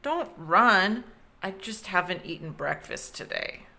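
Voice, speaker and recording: A woman's voice: medium pitch, animated, unhurried, creaky, sharp tone, exaggerated voice. A woman voicing a grumpy, hungry female sunfish in a children's story. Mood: apologetic.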